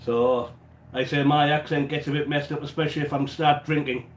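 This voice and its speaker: A cooking livestream host from England, with an English accent, bakes in his small home kitchen and chats with viewers. His voice sits on the high side with a flat, slightly fast delivery. The sound is reverberant with slight background noise, and his stuffy nose and occasional cough come through.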